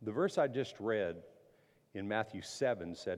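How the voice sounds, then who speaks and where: A man's voice: on the low side, normal speed, darkish tone, big-room sound. A man preaching a sermon as pastor, earnestly reading scripture aloud and building emphasis.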